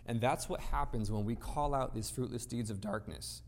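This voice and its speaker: A medium-pitched, darkish male voice preaches a little fast, barely pausing at all. Before a gathered audience he speaks emphatically, stacking rhetorical questions and repeated phrases to build his points. The long reverb of a large hall fills the sound.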